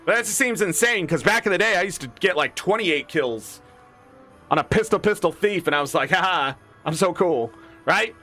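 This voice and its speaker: A man's voice: sits high, expressive, fairly quick, pushed and bright, soft background music. A man in his thirties streaming a game, ranting casually with profanity and switching into mock voices. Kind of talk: casual gaming rant.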